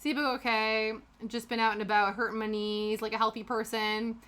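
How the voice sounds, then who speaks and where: A woman from Canada chatting casually with her live chat while stitching, animated and quick to laugh. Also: on the high side, clear, resonant tone. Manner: chatty, animated, laughs often, greets viewers by name. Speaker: streamer.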